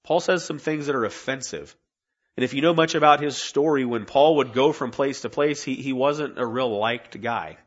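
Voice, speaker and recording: A man's voice: mid-range voice, a bit bright, dull audio. A man preaching a sermon to his church in an earnest, conversational way, often restarting phrases and asking rhetorical questions. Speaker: pastor. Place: church sanctuary.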